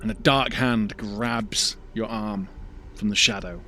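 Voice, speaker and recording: A man's voice: lowish voice, steady tone, takes it slowly, sharp tone. A man running a tabletop role-playing game as dungeon master, narrating scenes in vivid, ominous detail.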